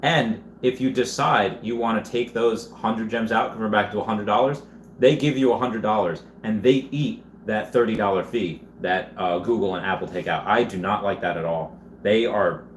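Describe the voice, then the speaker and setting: A man with a low voice hosts a casual livestream and rambles through viewer chats, restarting his sentences and laughing along. His voice rings in an echoey room with a faint hiss behind it. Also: normal speed.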